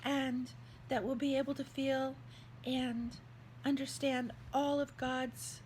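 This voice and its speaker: A woman's voice: sits high, flat delivery, slow pace, a little mellow, slight background noise, rough recording. A woman vlogger talking in an earnest, heartfelt, rambling way about faith. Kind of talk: casual devotional vlog talk.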